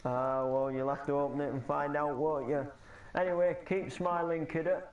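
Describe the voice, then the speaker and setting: A man's voice: fairly high pitch, steady tone, normal speed, muffled recording, lightly acted. A cheerful postman, played by a man, chatty and caring, breaking into little songs. He is heard from a distance in a roomy, echoing space. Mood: cheery. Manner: chirpy, sings to himself. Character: cheery northern postman, caring adult son. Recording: echoey room, distant mic.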